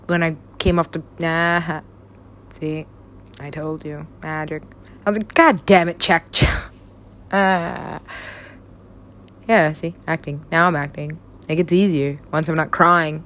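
A woman's voice: deep voice, slight background noise. A young woman chatting casually and rambling about stories she has written, laughing often and swearing freely. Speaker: writer describing her own stories.

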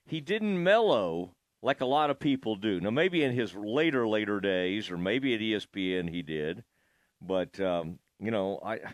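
A man's voice: fairly low pitch, expressive, moderate pace, dry recording, clean studio sound. A man hosting a sports talk show, asking questions casually and thinking aloud. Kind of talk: casual interview chat.

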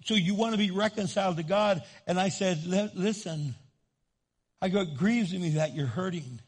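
Man, pastor, sermon, husky voice, fairly high pitch, conversational then fervent. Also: normal speed. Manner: conversational storytelling, rising to fervent emphasis.

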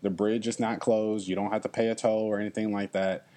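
A young man with a slightly low voice hosts a solo podcast in an earnest, reflective tone. He talks straight to his listeners and keeps checking in with a quick "okay?". At moments he sounds moved. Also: level tone, mellow. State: emotional at times. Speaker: podcast host.

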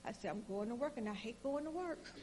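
Speaking fairly quickly in a fairly high voice, a woman animatedly recounts a personal story in a casual chat, using informal speech and playing both parties in each exchange. A little hiss or hum is audible.

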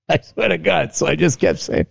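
A middle-aged man, a stand-up comedian, telling a story casually on a podcast, profane and animated as he acts out both sides of an argument. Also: a little high, vocal fry, husky.

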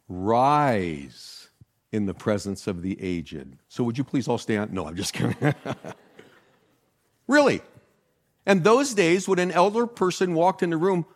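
An older man, a pastor, preaching a sermon with jokes, jumping up in pitch to stress words. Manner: animated, jokey, leaps in pitch for emphasis.

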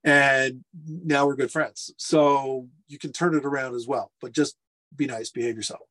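A middle-aged man, a restaurateur guest, telling lively anecdotes on a video call from his home furnace room and acting out the quotes. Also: medium pitch, moderate pace. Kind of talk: casual storytelling interview.

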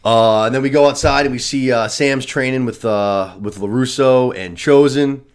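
A man's voice: medium pitch, moderate pace, clear, resonant tone. A man hosting a podcast, recapping a TV season in casual, profane chat full of "you know what I mean". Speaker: podcast host.

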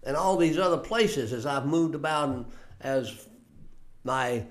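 A man's voice: a little high, unhurried. An older man teaching from scripture in an earnest preaching manner, often repeating words as he starts a phrase. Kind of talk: radio Bible teaching.

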